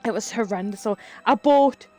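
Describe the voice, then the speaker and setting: A woman's voice: a little high, normal speed, darkish tone, soft background music. A woman, chatting casually with her live chat, laughing often and telling rambling stories. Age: 30s. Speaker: streamer.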